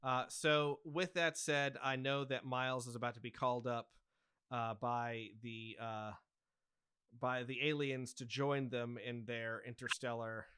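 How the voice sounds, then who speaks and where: A man's voice: medium pitch, little pitch movement, unhurried, pushed and bright, clear, resonant tone, no echo. An American man co-hosting a casual podcast, eagerly chatting and introducing the next topic. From United States. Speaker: podcast co-host. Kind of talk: casual chat.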